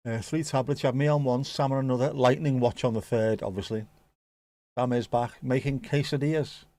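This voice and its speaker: A man's voice: medium pitch, dry recording. Joking British man commentating live. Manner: joking, bursts into excitement at goals. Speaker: watchalong host. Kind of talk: casual live match commentary.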